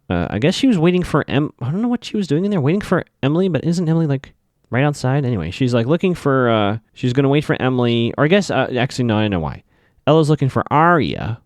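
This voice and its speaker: A man hosting a podcast, casually recapping a TV episode scene by scene with lots of fillers and quick bits of acted-out dialogue. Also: mid-range voice, darkish tone, no room sound, studio quality. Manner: chatty, loose, many fillers, acts out characters' lines in passing.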